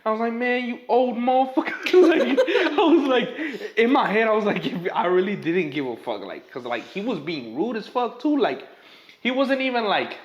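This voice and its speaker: Guy hosting a podcast, kinda high voice, tells stories all animated, echoey room. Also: moderate pace, muffled recording. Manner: animated storytelling, swearing, acting out quotes. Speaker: podcast host. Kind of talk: casual chat.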